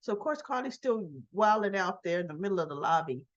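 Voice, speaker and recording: A woman's voice: mid-range voice, expressive, quick pace, muffled recording. A woman vlogger giving a casual recap of a soap opera episode, telling it as a story and acting out the characters' lines.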